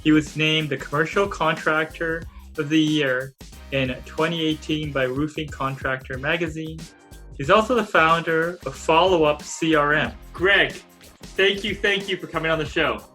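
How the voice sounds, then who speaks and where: A man's voice: fairly high pitch, moderate pace, bright, forceful tone, soft background music. A man hosting an interview podcast, introducing his guest and giving brief, encouraging prompts. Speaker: podcast host.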